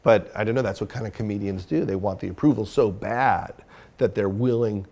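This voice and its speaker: Gravelly low-voiced man, candid and self-critical. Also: brisk, dark tone. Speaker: interview guest, filmmaker and comedian. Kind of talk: candid conversational interview.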